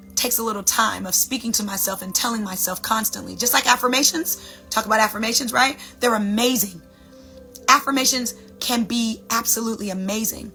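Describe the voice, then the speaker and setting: A woman talking as a sound healer, animated and preachy, giving a dramatic motivational spiritual talk. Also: fairly high pitch.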